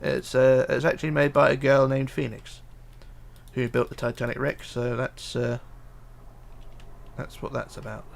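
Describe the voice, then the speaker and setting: A gravelly-voiced man streams himself building, reading chat aloud and murmuring to himself with hesitant fillers. His medium-pitched delivery is flat and moderately paced.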